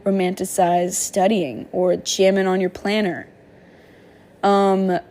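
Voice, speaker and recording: A woman reading meditation instructions in a slow, soothing way, then dropping into relaxed, offhand commentary. Her talk is informal and loose, with fillers and casual slang between the calm read-aloud passages. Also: medium pitch. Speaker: vlogger sharing therapy skills lessons.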